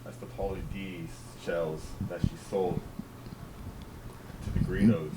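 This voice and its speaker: A man's voice: low-pitched, fairly even intonation, slow pace, crowd noise, poor audio. A man co-hosting a comedy podcast, tossing in dry, mumbled asides. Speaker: podcast co-host. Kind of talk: casual comedy banter.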